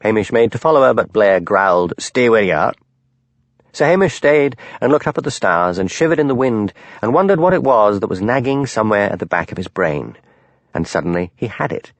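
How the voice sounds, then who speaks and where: A man narrating a mystery audiobook in a measured, expressive storytelling manner. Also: fairly low pitch, dry recording.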